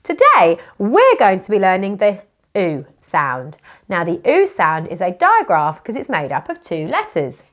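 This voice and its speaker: British woman, phonics teacher, lively rising-falling voice, unhurried, sing-song for young children. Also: medium pitch.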